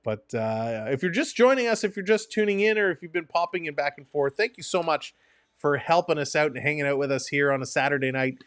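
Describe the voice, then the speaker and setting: A man's voice: fairly high pitch, expressive, brisk, fairly bright tone, no echo, clean studio sound. A man hosting a live stream, chatting with viewers and calling hockey play-by-play. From Toronto. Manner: chatty, reads chat names aloud. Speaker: host doing live play-by-play. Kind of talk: live game commentary.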